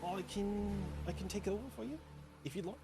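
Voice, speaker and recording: A giant, battle-ready minotaur first mate who talks in a tiny, squeaky, eager voice. He is cheerful, loyal and always reassuring. Music plays behind him. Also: a little fast, gravelly.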